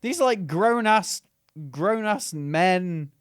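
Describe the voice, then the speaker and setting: A man co-hosting a podcast, excitable and swearing, laughing often. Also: high voice, takes it slowly, smooth, dry recording, clean studio sound. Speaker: podcast co-host. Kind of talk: casual comedic chat.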